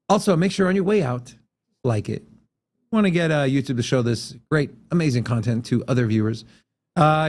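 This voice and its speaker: A man hosting a casual talk show, rambling through a sign-off with plenty of fillers. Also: sits high. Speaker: show host. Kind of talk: casual podcast chat.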